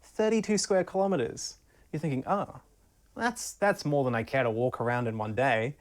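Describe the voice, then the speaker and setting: A speaker narrating a scripted civics explainer with playful jokey asides. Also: female voice, rumbling low, moderate pace.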